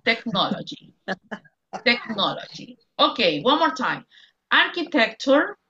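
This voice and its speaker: Bilingual woman teacher drilling pronunciation on a video call; bright, slightly high voice, dull lo-fi sound. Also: lively intonation, slight background noise. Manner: drills words slowly, switches between English and Spanish. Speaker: English teacher. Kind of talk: online class instruction.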